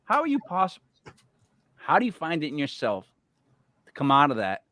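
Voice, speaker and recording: A man's voice: a little high, wildly swooping pitch, normal speed, bright, forceful tone, no echo. A man hosting an interview show, brash and joking, talking casually and stubbornly. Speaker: podcast host.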